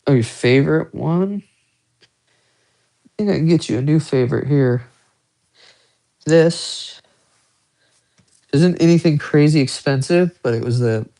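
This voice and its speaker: A young man rambles casually to his live-stream viewers as he shows off his guitars and watches. His everyday pitch carries a gravelly, creaky edge. He sounds close to a phone mic in a small room at home. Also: a little slow, pauses often, mellow. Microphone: phone held close.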